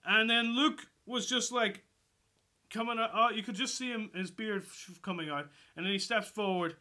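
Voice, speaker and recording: A man giving a casual, excitable movie review, swearing freely and rambling through his thoughts. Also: sits high, normal speed. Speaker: film reviewer.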